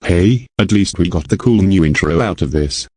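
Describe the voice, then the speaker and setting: A man's voice: low voice, moderate pace, darkish tone, breathy edge, no echo. A synthetic text-to-speech male voice co-hosting a casual podcast chat. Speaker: podcast co-host.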